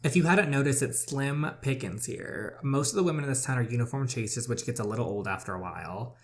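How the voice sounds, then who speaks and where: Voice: medium pitch, brisk, lightly acted. A gamer reading the lines of a flirty cattle rancher in his forties with a slight southern drawl. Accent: slight Southern US, put on.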